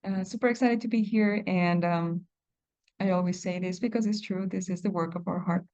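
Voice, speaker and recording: A woman from Costa Rica introducing herself on a video call in a warm, heartfelt way. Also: lowish voice, steady tone, moderate pace. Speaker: program staff. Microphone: computer mic on a video call. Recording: dull, lo-fi call audio.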